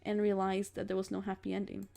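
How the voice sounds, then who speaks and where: Game read-through: woman reading as a sad, quiet young prince figure, soft delivery, slight gravel. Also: medium pitch, monotone, quick pace, faint music behind. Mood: melancholy. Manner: quiet, melancholy, pleading. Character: brooding young man, a fallen dreamy prince. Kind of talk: reading a visual novel aloud.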